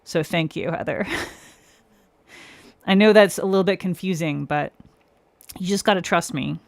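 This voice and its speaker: Her voice is lowish and gravelly, unhurried, recorded dry. Running a casual nail art livestream, she greets viewers by name, laughs a lot, and talks through her process step by step while working.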